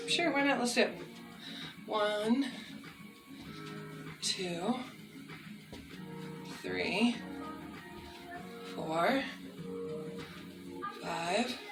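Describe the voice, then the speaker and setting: A woman talks slowly through a casual workout demonstration, her tone bright and chatty, with fillers and self-deprecating asides. She sounds set back from the mic in an echoey room, with faint music behind her. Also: lowish voice, distant mic. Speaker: fitness vlogger.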